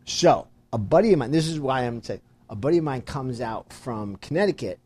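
A man in casual conversation, telling a lively anecdote and acting out the voices of the people in it. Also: medium pitch, a little fast, slightly rough. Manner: animated storyteller who acts out quoted voices. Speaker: friend telling a story. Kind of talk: casual chat.

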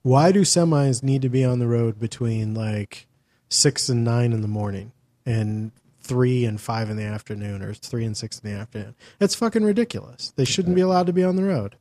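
Blunt, profane podcast host. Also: male voice, mid-range voice, normal speed, a little mellow. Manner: blunt, profane and opinionated, with sudden outbursts. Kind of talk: casual chat.

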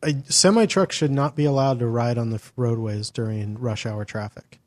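A man's voice: mid-range voice, normal speed, darkish tone. A man hosting a casual podcast, blunt and opinionated, swearing freely and ranting about his pet peeves. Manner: blunt, profane and opinionated, with sudden outbursts. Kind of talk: casual chat.

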